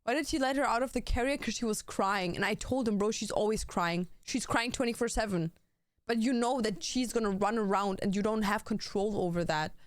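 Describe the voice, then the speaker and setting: A young woman streaming from home, chatting to her viewers and telling a story in a loose, animated way, full of "like" and casual swearing. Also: mid-range voice, brisk, dry recording.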